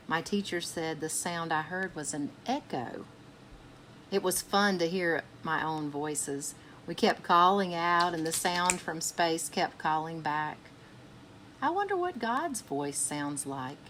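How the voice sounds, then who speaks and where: A woman reading a picture book aloud for children's storytime, pausing to ask her young listeners gentle questions. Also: lowish voice, a little hiss or hum. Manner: gentle, asks listeners questions between passages.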